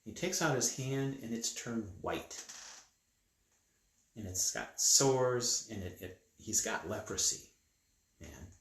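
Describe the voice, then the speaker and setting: A man telling a Bible story to children in a lively, conversational way. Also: lowish voice, takes it slowly, pauses often. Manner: lively, conversational, with acted voices. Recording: echoey room.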